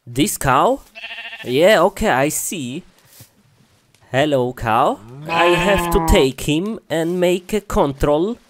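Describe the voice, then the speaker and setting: A woman's voice: low voice, expressive, slow pace. A woman voicing a bumbling animal doctor in a cartoon, coaxing and speaking in broken phrases. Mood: calm.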